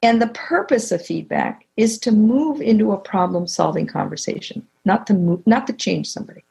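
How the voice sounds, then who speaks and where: Gravelly-voiced woman telling a lively story. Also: medium pitch, moderate pace. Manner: animated storytelling, acting out quoted dialogue. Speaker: guest, communication expert. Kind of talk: conversational interview.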